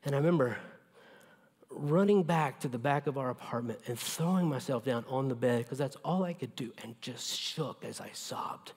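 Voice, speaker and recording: A male pastor preaching a sermon with emphatic delivery that drops to a hushed near-whisper in tender moments. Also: medium pitch, normal speed, slightly rough, in a large hall. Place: church sanctuary.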